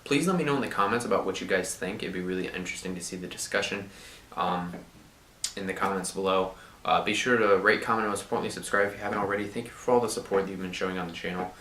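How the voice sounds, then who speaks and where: Male channel host, sore throat, monotone casual commentary; low, forceful tone, roomy echoing recording. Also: fast, slight background noise. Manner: monotone delivery. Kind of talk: casual card-game commentary. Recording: roomy, echoey room.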